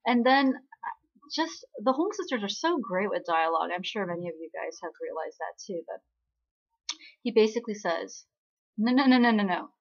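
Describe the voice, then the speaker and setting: Female recap host, chatty and casual, slightly breathy voice, muffled lo-fi sound. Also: mid-range voice, animated, normal speed. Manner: chatty, many fillers, quotes characters in her own voice.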